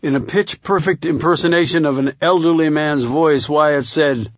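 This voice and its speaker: A man narrating a thriller audiobook in a measured, steady reading. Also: fairly high pitch, no room sound.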